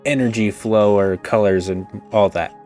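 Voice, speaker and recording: A man with a fairly low voice plays a tabletop game and talks through his character's magic at length. His delivery is laid-back and conversational, with faint music in the background. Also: steady tone, moderate pace, darkish tone. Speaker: player. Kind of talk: casual tabletop game play.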